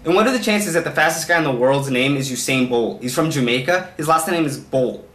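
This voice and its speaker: A young man from Canada delivering a comedy vlog monologue in quick joking one-liners. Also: medium pitch, lively intonation, fairly bright tone. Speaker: vlogger. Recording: roomy echo, distant mic, faint noise.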